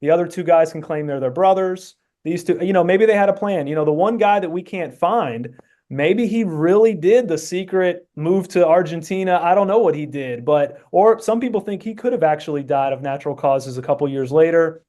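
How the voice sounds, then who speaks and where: A man speaks as a podcast guest, laying out his reasoning earnestly with many fillers and restarts. His voice is mellow and dark in tone, though pitched a little high. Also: normal speed. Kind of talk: casual chat.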